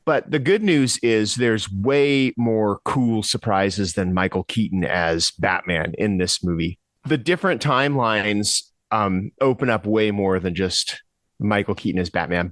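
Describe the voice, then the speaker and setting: A man's voice: on the low side, measured pace, no echo. A man co-hosting a podcast, casually reviewing a film in a laid-back, hesitant way with fillers. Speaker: podcast co-host.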